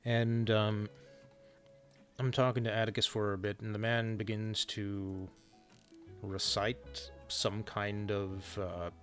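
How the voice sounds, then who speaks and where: A man's voice: fairly low pitch, little pitch movement, takes it slowly, soft background music. A man in an in-character western roleplay, telling a story in a hesitant way with many fillers. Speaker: roleplay streamer.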